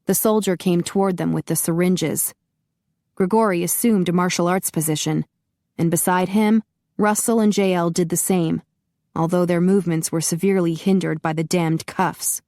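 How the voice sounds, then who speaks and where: A woman narrating a paranormal romance audiobook in a steady, even storytelling manner. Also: lowish voice, normal speed, no room sound, studio quality. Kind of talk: scripted narration.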